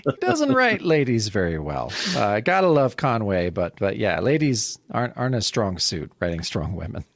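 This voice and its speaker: Animated man on a dry-sounding podcast. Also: fairly low pitch, moderate pace, vocal fry, dry recording. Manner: emphatic, praising, animated delivery. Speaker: podcast co-host. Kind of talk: casual comic-book discussion.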